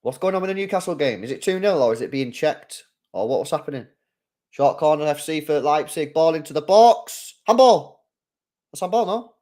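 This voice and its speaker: A man's voice: on the high side, quick pace, darkish tone. A young man hosting a live football watchalong, chatting casually with viewers in slang and rambling with restarts. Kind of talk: casual live match commentary.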